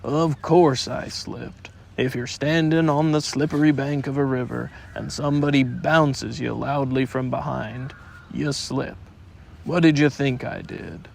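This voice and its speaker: A gloomy old donkey drags out every word in a slow, self-pitying drawl, as a man reads him aloud. His voice sits low and gravelly and barely rises, thick with sarcasm. A storybook voice full of sulky resignation. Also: slight background noise. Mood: glum.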